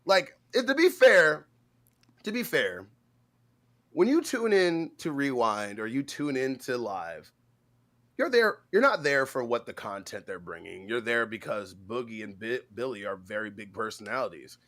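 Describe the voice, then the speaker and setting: A man co-hosting a live stream, chatting casually and breaking into loud shouted rants. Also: mid-range voice, big pitch swings, moderate pace. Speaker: co-host of a live stream show.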